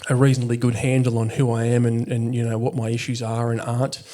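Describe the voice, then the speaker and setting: A man's voice: mid-range voice, completely flat delivery, fast, dark tone. Candid, frank-talking veteran man. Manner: frank, swears freely, reflective. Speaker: podcast guest, military veteran; father. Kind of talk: candid reflective conversation.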